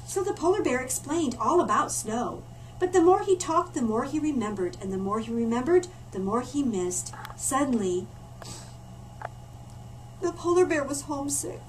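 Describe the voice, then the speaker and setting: A woman storyteller reading a picture book aloud to children in a library, animated and stopping for asides to her listeners. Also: fairly high pitch, a little slow. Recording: distant mic with faint room noise.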